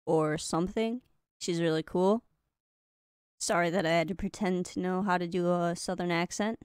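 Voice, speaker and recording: A woman reads a visual novel aloud, mixing the narration with wry asides and frequent laughs. Her voice is fairly low and smooth. Faint music plays underneath. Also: moderate pace, dry recording, clean studio sound. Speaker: let's player.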